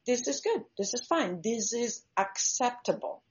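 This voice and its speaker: A woman's voice: on the high side, lively intonation, a little slow. A woman voicing a female shark's thoughts. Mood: content. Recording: slightly dull lo-fi recording.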